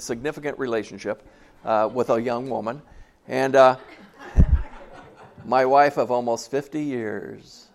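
A man in his sixties preaching a sermon to a church congregation in a folksy, conversational way, often asking them questions. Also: mid-range voice. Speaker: pastor.

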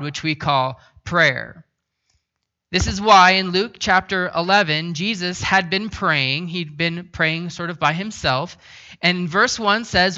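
A man preaching a sermon as a pastor, telling a self-deprecating story in a relaxed, conversational way. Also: high voice, dull audio.

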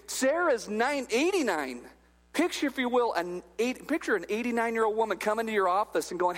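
A man's voice: very high-pitched, brisk. A male pastor preaching a humorous, conversational sermon in a church, acting out little dialogues as he goes. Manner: jokey, acts out little dialogues. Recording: long hall reverb.

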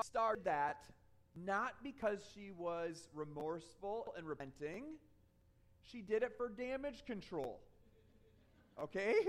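A man with a fairly high voice delivers a sermon. He keeps it conversational, telling stories from his own life and often stopping to ask "okay?". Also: a bit bright. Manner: conversational, checks in with frequent "okay?"; tells personal stories to explain points. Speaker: pastor.

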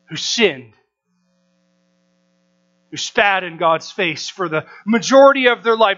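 High, bright-voiced American man preaching. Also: lively intonation, a little slow. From United States. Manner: emphatic, asks the audience rhetorical questions. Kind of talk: sermon. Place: room with a live audience. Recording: dull lo-fi recording with mains hum.

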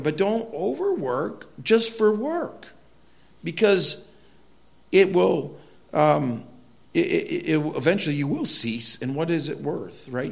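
A middle-aged male pastor preaching with a gravelly edge to his voice. He talks in a loose, conversational way, spinning folksy stories and dropping asides as he goes. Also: medium pitch. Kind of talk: sermon.

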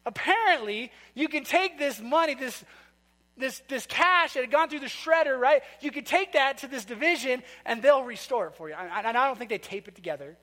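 A man's voice: extremely high pitch, expressive, a little fast, bright, forceful tone. A man preaching a sermon to a congregation, telling a story in a chatty way and asking the people questions. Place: church sanctuary. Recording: long reverb of a large hall.

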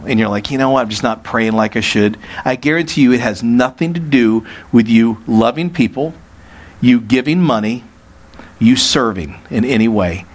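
A man preaching a sermon, his voice swinging between a low, steady teaching tone and sudden high, forceful bursts when he quotes speech. He talks to the congregation directly and asks them questions. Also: breathy edge. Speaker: pastor.

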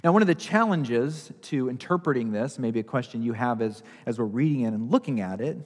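A man's voice: medium pitch, animated, normal speed, darkish tone, in a large hall. A male pastor preaching a sermon, repeating key phrases for emphasis.

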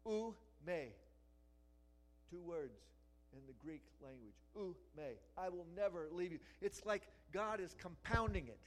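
A man preaching a sermon as pastor to a congregation in a church, emphatic, building to loud repeated cries and dropping into quiet prayer. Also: sits high, expressive, measured pace, poor audio.

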